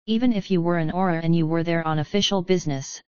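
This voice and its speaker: A woman narrating a fantasy audiobook in clear, even storytelling. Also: on the low side, fast, dry recording. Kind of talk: scripted narration. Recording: slightly dull, dry studio sound.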